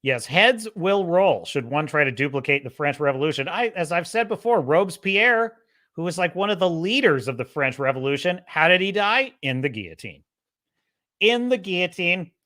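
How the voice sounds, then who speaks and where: A man hosting a casual livestream, rambling and excitable, quick to laugh. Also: on the high side. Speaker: show host.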